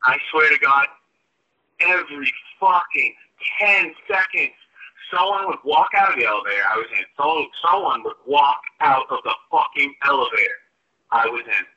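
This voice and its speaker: A man's voice: a little high, moderate pace, pushed and bright, slightly rough. Man ranting over a muffled phone. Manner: profane, exasperated rant. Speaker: podcast regular calling in. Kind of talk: ranting voice message. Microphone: phone on speaker.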